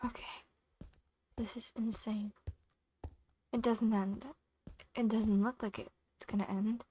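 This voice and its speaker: A woman's voice: fairly high pitch, steady tone, moderate pace, warm tone, slight background noise, low-quality recording. Nervous young woman playing a horror game. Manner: nervous, talks to herself in short anxious questions. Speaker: gamer.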